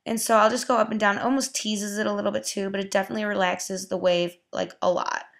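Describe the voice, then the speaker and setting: A woman's voice: mid-range voice, level tone, quick pace, a bit bright. A young woman giving a casual hair tutorial, chatty and full of "like" and "um". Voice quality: gravelly vocal fry. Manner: chatty, lots of "like" and "um". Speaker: beauty vlogger.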